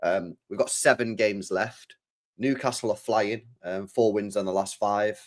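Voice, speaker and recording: A man's voice: lowish voice, fairly even intonation, a little slow. A man hosting a casual football fan livestream, blunt and chatty with casual swearing. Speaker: host of a football fan show.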